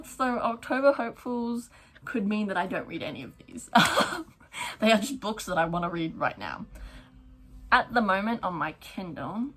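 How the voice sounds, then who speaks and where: A young woman chatting excitedly about her month of reading on her book vlog, with lots of fillers. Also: mid-range voice. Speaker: book vlogger. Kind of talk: casual reading wrap-up chat. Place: at home, neighbour's garden noise outside.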